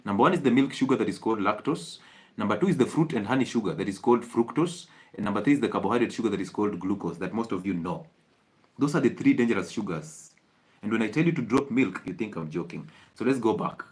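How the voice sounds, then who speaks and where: A man's voice: fairly low pitch, lively intonation, fast talker. Emphatic Kenyan man lecturing on health. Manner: emphatic, rhetorical and repetitive. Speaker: health talk show doctor. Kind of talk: lively health talk.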